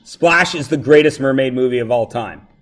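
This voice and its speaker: A man's voice: medium pitch, moderate pace, fairly bright tone. A man teaching a math review lesson to a classroom, joking and going off on tangents while checking that his students follow.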